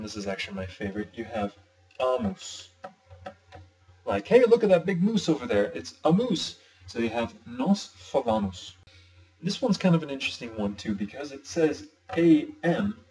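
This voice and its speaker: A man's voice: medium pitch, darkish tone, far from the mic, rough recording. A man explaining language grammar step by step in a patient, slightly playful teaching voice. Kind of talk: screen-recorded lesson.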